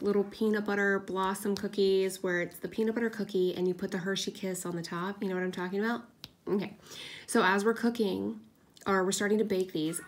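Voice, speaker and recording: Woman, 30s, craft vlogger: rambling, self-mocking chat, now and then hushed. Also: mid-range voice. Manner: chatty, scattered storytelling with self-deprecating laughs; drops to a hush at times, kids asleep nearby. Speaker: craft video host. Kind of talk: casual chat while crafting.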